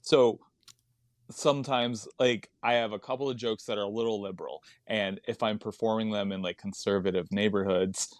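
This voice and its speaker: A man's voice: fairly low pitch, steady tone, moderate pace, dry recording, clean studio sound. A man, a stand-up comedian chatting as a podcast guest, rambling into tangents and laughing often. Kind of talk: casual podcast chat.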